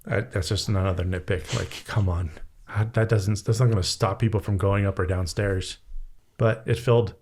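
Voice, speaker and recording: A man's voice: fairly low pitch, fairly even intonation, normal speed, a little mellow, slight background noise. A man co-hosting a movie podcast, griping about a film casually with a wry tone and some swearing. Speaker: podcast co-host. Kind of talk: casual chat.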